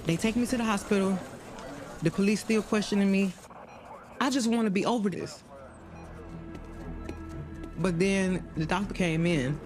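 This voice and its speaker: A woman's voice: medium pitch, normal speed, long pauses, close to an everyday voice. A woman voicing a blunt, profane woman telling her story. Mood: shaken. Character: adult woman recounting being shot, blunt and shaken. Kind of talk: animated video narration. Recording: narration over loud music.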